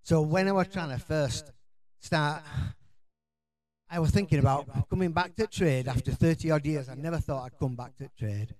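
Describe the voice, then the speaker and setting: A man's voice: fairly high pitch, normal speed, darkish tone. A middle-aged man with a Yorkshire accent gives a chatty, rambling conference talk full of restarts and fillers. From Yorkshire, England. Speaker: conference speaker.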